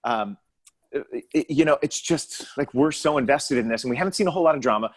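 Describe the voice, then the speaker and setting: A man's voice: medium pitch, fast, husky. A man hosting a podcast, setting up a recap in casual chat, eager and stumbling over words now and then. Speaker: podcast host.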